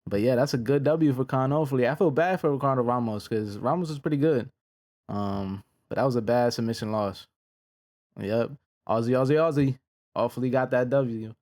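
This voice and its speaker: A man talks through a night of fights in a relaxed, slang-heavy reaction style, often pausing with an "um" before moving on. His voice sits at an ordinary middle pitch. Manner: laid-back, slangy, many "um" pauses. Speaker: host reviewing fight results. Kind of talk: casual reaction commentary.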